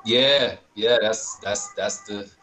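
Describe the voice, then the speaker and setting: A man's voice: lowish voice, slow, crowd noise, low-quality recording. A man talking casually as a guest, rambling with many fillers and restarts. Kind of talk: casual chat.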